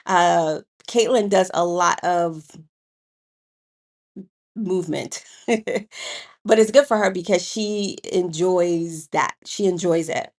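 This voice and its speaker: A woman in her thirties, co-hosting a casual talk about parenting, chatty and animated, with frequent laughs and slangy asides. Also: on the low side, takes it slowly, long pauses. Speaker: podcast co-host, parent. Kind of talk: casual conversation.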